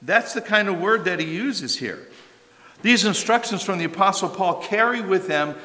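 An older man preaches in a bright, forceful voice that sits a bit high for a man. He talks to the congregation conversationally, leaning on emphasis and rhetorical questions. His voice rings out with a long reverb, as in a large sanctuary. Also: animated, moderate pace. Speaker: pastor. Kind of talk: sermon.

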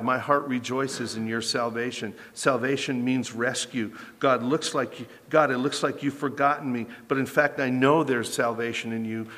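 A man's voice: medium pitch, fairly bright tone, big-room sound. A man preaching a sermon as pastor, asking rhetorical questions and building in intensity as he reads scripture.

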